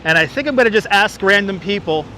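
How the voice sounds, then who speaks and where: Man, livestream host, high bright voice, jokey comment reading, outdoors, clip-on mic, faint street noise. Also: expressive, quick pace. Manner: chatty, jokey, reads comments aloud. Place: outdoors on a city waterfront street. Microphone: wireless clip-on mic.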